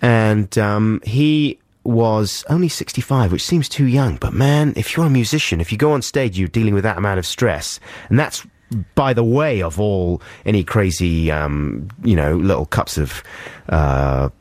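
A man's voice: fairly low pitch, a little mellow, dry recording. A man co-hosting a radio show with a cold, rambling and joking through on-air banter in a studio. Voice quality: rambling, self-interrupting, quick to joke. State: has a cold.

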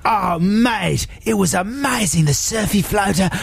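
A man's voice: high-pitched, expressive, measured pace, creaky, a little hiss or hum, voice pushed up, heavily acted. An Englishman putting on a jokey Australian accent, playing a boastful, laid-back bloke who keeps saying mate. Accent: put-on Australian. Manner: drawling, says "mate" a lot.

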